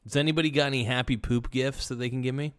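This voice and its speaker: A man's voice: medium pitch, fairly even intonation, fast, a bit bright, clean tone. A man hosting a casual livestream, rambling and joking with viewers in chat. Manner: rambling, jokey, chants silly phrases. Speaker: livestream host.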